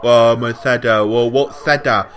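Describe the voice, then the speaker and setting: A man's voice: medium pitch, fairly even intonation, moderate pace, a bit bright, soft background music. A young man, mocking and insulting strangers in a game's voice chat through a headset. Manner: taunting, mocking and crude. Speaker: online troll. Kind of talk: trolling in game voice chat.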